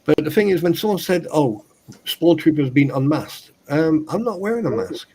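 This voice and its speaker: A man's voice: a little high, animated, moderate pace, dark tone, slightly rough. A man co-hosting a livestream in casual banter, crude and joking, laughing often. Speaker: livestream co-host.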